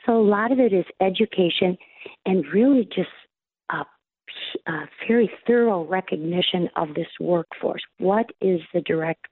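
A woman speaking as an interview guest from a caregiving agency, giving steady, explanatory answers. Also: on the low side, no room sound. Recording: dry tinny phone line.

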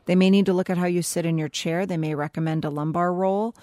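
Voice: medium pitch, steady tone, quick pace, mellow, no echo, clean studio sound. A guest expert giving friendly, conversational physical therapy advice on a radio call-in show.

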